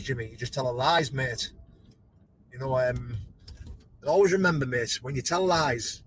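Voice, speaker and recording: A man's voice: medium pitch, low-quality recording. Male boxer, defensive callout, faint background noise. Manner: aggrieved, defensive, repeats "mate". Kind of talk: callout video.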